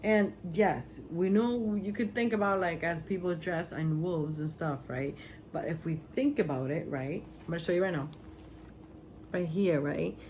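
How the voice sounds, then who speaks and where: A woman's voice: fairly low pitch, normal speed, darkish tone, a little hiss or hum, poor audio. A woman talking casually and earnestly, rambling with many fillers as she describes spiritual visions. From Puerto Rico. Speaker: vlogger sharing spiritual visions. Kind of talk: casual testimony.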